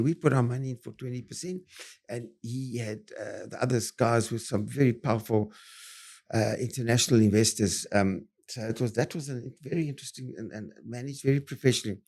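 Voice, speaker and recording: An older man with a South African accent, a property developer being interviewed, who tells his stories in short, punchy bursts full of fillers and restarts. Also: medium pitch. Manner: animated, punchy storyteller with many fillers and restarts. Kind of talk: interview storytelling.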